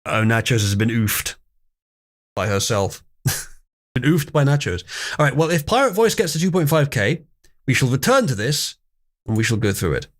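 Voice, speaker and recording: Hosting a live stream, a young man reads memes and chat messages aloud with theatrical emphasis and wry, mock outrage. His medium-pitched voice is very animated, moving at a moderate pace broken by long pauses.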